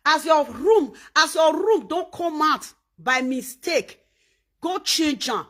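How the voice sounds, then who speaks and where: Woman, Nigerian Pidgin accent, high voice, emphatic, preachy, repeats herself, vlog monologue. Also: expressive, takes it slowly, fairly bright tone. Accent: Nigerian Pidgin English. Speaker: vlogger. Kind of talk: animated monologue.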